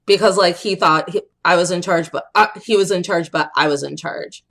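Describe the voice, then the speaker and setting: A woman's voice: lowish voice, normal speed. Chatty young woman telling stories. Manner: animated storyteller, acts out quotes, laughs often. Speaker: podcast co-host. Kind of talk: casual chat, storytelling.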